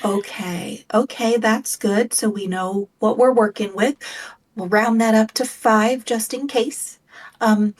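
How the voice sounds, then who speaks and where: A woman playing a tabletop game, calm and practical, thinking out loud about her character's next move. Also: fairly high pitch, takes it slowly. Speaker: player. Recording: voice a bit far from the mic.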